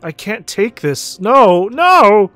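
A man's voice: high-pitched, big pitch swings, slow, fairly bright tone, faint music behind, voice pushed up, heavily acted. A man reading the lines of a frightened teenage girl priestess in a video game, nervous and questioning.

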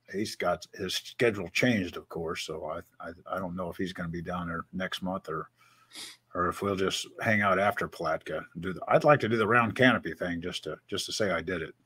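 Low husky guy chatting, stammers a lot, trails off at the end of lines. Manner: stammering, trails off quietly at phrase ends. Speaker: guest on a livestream. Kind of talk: casual chat. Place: at home.

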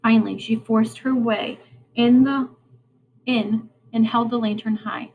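A woman's voice: a little high, a little slow, faint music behind, rough recording. A woman reading a storybook aloud to children with expression, stopping to ask them questions. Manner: expressive, prompting listeners to think.

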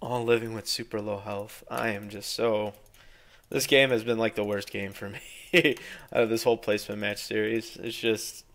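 Frustrated young man with gravelly voice. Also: lowish voice, flat delivery, normal speed, fairly bright tone. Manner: frustrated, swearing, exclaiming. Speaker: gameplay streamer. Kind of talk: live gameplay commentary.

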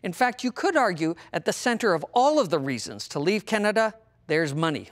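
A man's voice: high-pitched, sing-song, a little fast, dry recording. A man hosting, giving wry, explanatory scripted narration. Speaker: host.

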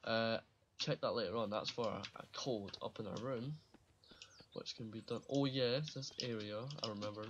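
A man's voice: on the low side, moderate pace, dull audio, noisy background. A man giving casual commentary while playing a survival game, rambling and swearing freely and laughing at his own slips. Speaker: gaming channel host.

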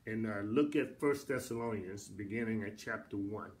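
In a church sanctuary, a middle-aged male pastor leads a Bible study at a normal speed. His lowish voice follows a repetitive preacherly cadence that builds toward emphatic peaks.

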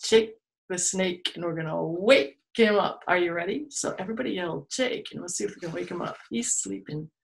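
A woman's voice: lowish voice, brisk, vocal fry. A woman hosting a children's storytime for an online video, playful and full of exaggerated exclamations. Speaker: children's museum storytime host. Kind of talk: children's storytime, told to camera. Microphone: video recorded for online viewing.

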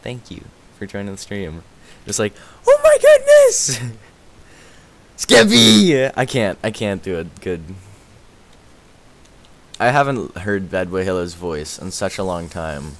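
A man streaming a game live, rambling excitedly, answering chat and thanking viewers as he plays. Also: low voice, a little slow. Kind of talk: live gaming stream chatter.

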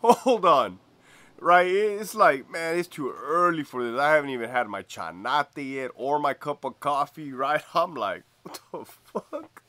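Lively, laughing former prison-guard storyteller man. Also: a little high, normal speed, hardly any pauses, no room sound. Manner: slangy and profane, laughs often. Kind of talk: casual storytelling.

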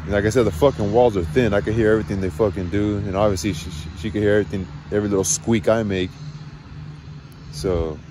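A man's voice: on the low side, steady tone, fast, noisy background. A man in a rambling, profane monologue, venting agitatedly about family and work. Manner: rambling, frequent swearing, agitated. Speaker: vlogger.

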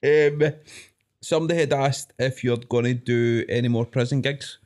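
A man's voice: medium pitch, steady tone, moderate pace, a little mellow. A man hosting a podcast who chips in with brief reactions and questions. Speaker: podcast host. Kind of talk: casual podcast chat.

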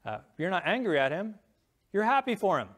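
A man's voice: high-pitched, big pitch swings, fairly quick, fairly bright tone. A middle-aged man preaching a sermon as pastor, earnest, reading scripture aloud and rising in voice on key lines.

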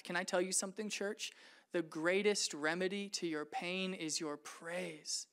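A male pastor preaching with lively, playful energy, acting out scenes and joking with the room. His voice is smooth and resonant, and his delivery is animated throughout. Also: high voice, a little slow. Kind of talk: sermon.

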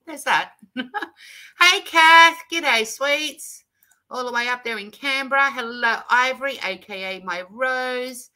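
Bright-voiced, bubbly Australian woman. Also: high-pitched, slow pace. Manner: chatty, bubbly, laughs often, greets warmly. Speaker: livestream host. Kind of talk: casual live chat greeting viewers. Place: home craft room.

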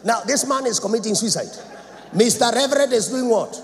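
A man preaching a sermon in a church, dramatic, swinging between loud shouts and low asides. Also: expressive, a little fast. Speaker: apostle preaching. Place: church sanctuary. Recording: reverberant church hall, faint background noise.

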